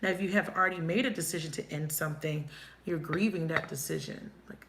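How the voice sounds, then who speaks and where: A woman giving a live tarot reading, thinking aloud and asking quick, emotive questions. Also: low voice, vocal fry. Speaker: tarot reader. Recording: echoey room, faint noise.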